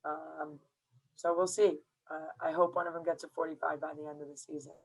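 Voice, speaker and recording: A woman with a slightly low voice talks casually as a podcast guest. She is laid-back and laughs easily. She leans on plenty of filler words as she talks about coaching. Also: little pitch movement, brisk, creaky, a little mellow, breathy edge, low-quality recording.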